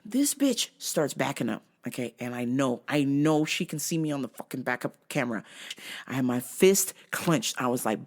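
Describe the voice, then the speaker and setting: A woman's voice: rumbling low, normal speed. A woman hosting her own show, telling a rant story casually, full of swearing and sound effects. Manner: profane, animated, frequent sound effects. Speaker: host.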